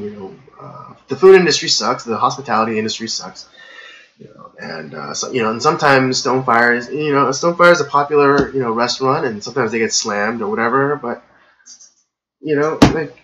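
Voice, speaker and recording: Male podcast host, rambling filler-heavy rant, bright forceful voice, slightly dull lo-fi audio. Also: medium pitch, expressive, a little fast, slight background noise. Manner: gets worked up and ranting. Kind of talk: casual live-stream monologue.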